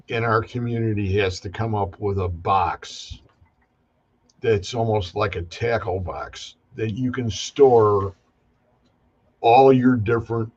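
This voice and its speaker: A man's voice: mid-range voice, a little mellow, dull audio. A man hosting a casual chat, asking rambling questions with many restarts. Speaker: host. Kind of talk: casual video call chat.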